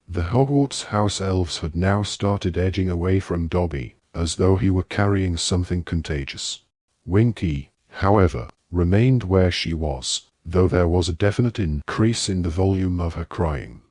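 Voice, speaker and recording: Male audiobook narrator, steady storytelling, low pitch, husky, dry close sound. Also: unhurried, dry recording. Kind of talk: scripted narration.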